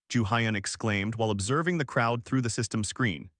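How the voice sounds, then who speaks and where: A man narrating a story recap in a scripted storytelling style, lifting his pitch for the characters' lines. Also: brisk, a bit bright, no echo, clean studio sound.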